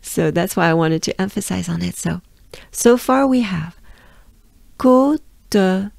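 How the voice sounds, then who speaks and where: A woman's voice: lowish voice, expressive, moderate pace, vocal fry, a little mellow, dry recording, studio quality. A woman from France with a French accent, patiently teaching pronunciation and repeating sounds many times. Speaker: pronunciation coach. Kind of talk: pronunciation lesson.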